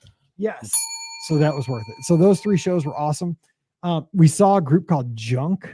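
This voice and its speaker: A man in his forties, a podcast host, telling a story in casual chat with many fillers and excited jumps in pitch. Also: fairly quick, husky, no room sound.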